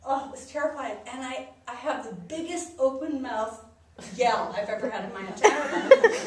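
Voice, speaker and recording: Lively high-voiced woman telling a story. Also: moderate pace. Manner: laughs often while telling a story. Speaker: psychiatrist guest. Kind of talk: animated personal storytelling. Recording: echoey room from a distant mic with background noise.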